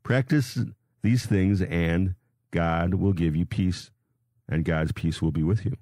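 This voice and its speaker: A man hosting a radio show, reading quotes slowly and deliberately, then adding casual asides and rereading lines when he stumbles. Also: sits low, mellow, no room sound, studio quality. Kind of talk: reading and commenting on scripture quotes.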